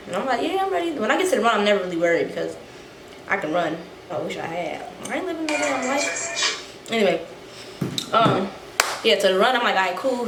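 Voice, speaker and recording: Young woman, casual storytime vlog, winded, echoey room, faint background hiss. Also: mid-range voice. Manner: animated, acts out quotes, swears freely. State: out of breath. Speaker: vlogger.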